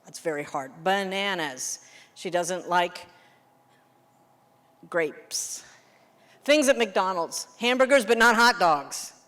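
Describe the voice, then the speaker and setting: A woman English teacher leading a workshop, explaining classroom games in an animated way and checking in with the room often. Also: mid-range voice. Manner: lively, animated teacher, quick questions to the room. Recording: long reverb of a hall.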